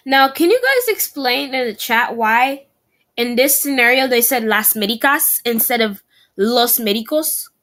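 A woman's voice: on the high side, expressive, unhurried, a bit bright. A young adult woman chatting casually in a language-learning vlog, talking through her practice and correcting herself as she goes. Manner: chatty, self-correcting, repeats practice phrases aloud.

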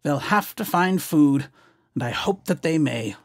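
A man voicing a grumpy, scolding little male forest creature in a storybook reading, with a croaky voice. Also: on the high side, lively intonation, measured pace, dry recording. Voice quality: croaky, coughing. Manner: snappish, scolding.

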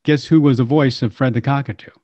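An older man, a voice actor, telling stories in an interview in a lively way and slipping into character voices. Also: mid-range voice, quick pace, no echo. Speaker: voice actor and impressionist guest. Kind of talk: animated storytelling interview. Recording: dull lo-fi sound, dry.

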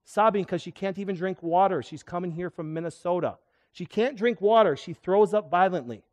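This middle-aged chiropractor's voice sits high, and he talks fairly quickly as he gives a health lecture to a live seminar crowd. His delivery is animated, full of questions aimed at the room.

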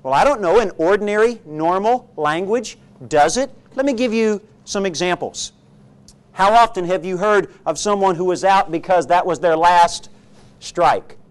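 A man's voice: sits high, moderate pace, clear, resonant tone. A man pastor delivering a sermon, emphatic and rhetorical, often checking in with the congregation. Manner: emphatic, rhetorical, frequent "okay?" check-ins.

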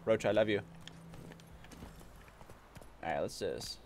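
A man streaming a video game, chatting casually and jokingly, even talking back to the characters. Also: lowish voice, measured pace, a little hiss or hum. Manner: playful, jokey, talks to characters. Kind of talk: casual gameplay commentary. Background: game music.

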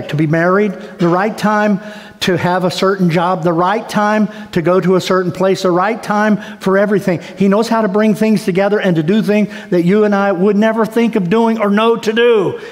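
A man delivers a sermon from the pulpit in a high, lifted voice. He tells folksy, animated stories with playful asides. A long hall reverb trails each phrase. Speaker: pastor. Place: church sanctuary.

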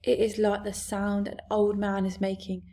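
Lady reading as a big gentle giant, earnest, mixes up his words, storybook voice. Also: medium pitch, monotone, moderate pace, natural voice. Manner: odd broken grammar, earnest. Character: big friendly male giant, gentle, muddled grammar.

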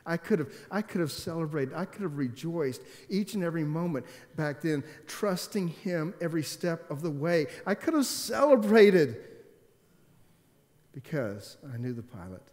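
A man's voice: mid-range voice, darkish tone. A man preaching a sermon and telling a story to make his point, in an earnest, emphatic way. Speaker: pastor. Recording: long hall reverb.

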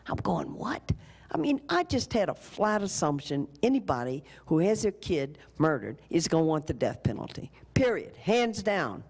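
Older woman, low voice, college lecture, storytelling, animated, acts out voices. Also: moderate pace, gravelly, breathy edge. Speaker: keynote speaker.

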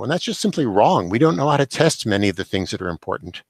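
An older man speaks as an interview guest, laying out his points in a measured, explanatory way. His voice sits at an ordinary middle pitch. The sound is dry and close, with no room echo. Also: animated. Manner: measured, explanatory, occasional chuckle. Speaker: guest, education professor and author. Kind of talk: thoughtful interview answers.

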